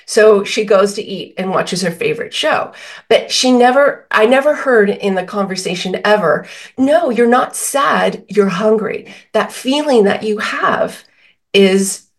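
A woman's voice: mid-range voice, expressive, a little slow. A woman guest on a podcast interview, explaining feelings with everyday examples and quoted dialogue. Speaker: author and guest.

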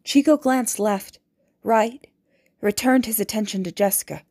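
A woman reading a novel aloud as audiobook narrator, in a measured, deliberate way. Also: fairly high pitch, mellow.

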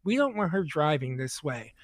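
High-voiced man rambling through a profane story. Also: sing-song, moderate pace, no echo, clean studio sound. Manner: rambling, profane, many restarts. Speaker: podcast co-host telling a story. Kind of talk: casual chat.

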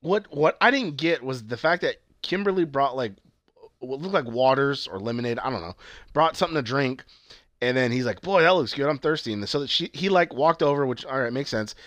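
A man's voice: mid-range voice, expressive, a little fast, fairly bright tone, no echo. A man co-hosting a casual chat about a TV show, rambling and swearing, with lots of fillers and restarts. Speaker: podcast co-host.

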